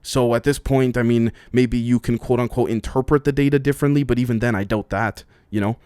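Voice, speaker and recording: A man's voice: medium pitch, fairly even intonation, brisk, a little mellow, clear, resonant tone, dry recording, studio quality. A man hosting a podcast, giving casual political commentary as an opinionated rant full of restarts and fillers. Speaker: podcast host.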